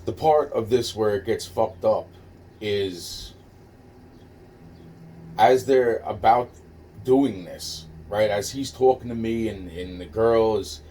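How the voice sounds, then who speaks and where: A man's voice: fairly low pitch, slow, pauses often, mellow. A man casually telling a personal story, rambling and profane, with many restarts and fillers. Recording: distant mic with faint noise.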